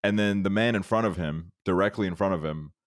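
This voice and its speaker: Podcast co-host: young man with a very low voice, relaxed and chatty, dry close-miked sound. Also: a little fast, no echo. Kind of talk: casual chat.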